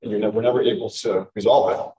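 A man teaching a sermon as a pastor, in a measured, halting way. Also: on the low side, steady tone, warm tone. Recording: roomy, distant, dull recording.

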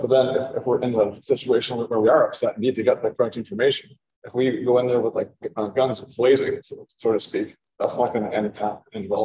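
A preacher teaches from the Bible in a conversational sermon, his lowish voice mellow on a rough recording. He often repeats words as he searches for them.

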